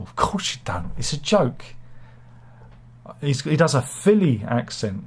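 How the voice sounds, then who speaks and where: A man's voice: medium pitch, big pitch swings, normal speed, a little mellow, husky. A man with a head cold, hosting a live chat show in a rambling, hesitant way, full of fillers and jokey asides while reading out viewer comments. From United Kingdom. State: has a cold, slight cough.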